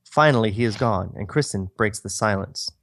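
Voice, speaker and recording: A man's voice: fairly low pitch, moderate pace, a bit bright, no echo, studio quality. A man co-hosting a podcast, reading his own old screenplay aloud with self-mocking asides. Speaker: podcast co-host.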